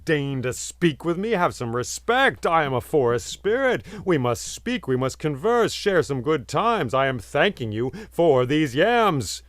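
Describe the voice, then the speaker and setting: A man's voice: mid-range voice, big pitch swings, moderate pace, dry recording. A man voicing a proud, touchy female forest spirit who speaks formally and turns indignant. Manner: formal, grows indignant and shouting.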